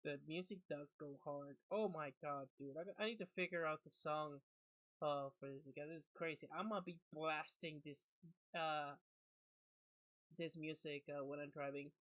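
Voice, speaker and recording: A man streaming a horror game, reacting in casual, excitable chat full of slang and switching between English and Spanish. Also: on the high side, normal speed, dry recording, low-quality recording.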